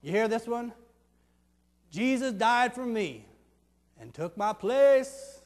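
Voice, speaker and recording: A pastor playing a rough, streetwise ex-criminal in a sermon monologue, with coarse, colloquial talk that swings from loud outbursts to hushed tones. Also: male voice, sits high, moderate pace. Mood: folksy. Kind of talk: first-person dramatic monologue in a sermon. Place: church. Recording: reverberant church sanctuary with faint music.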